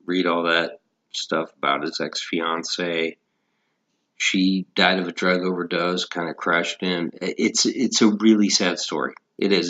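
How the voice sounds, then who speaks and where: A man's voice: sits low, a bit bright, muffled recording. A man in a casual, profane, rambling rant about music, talking as a podcast host.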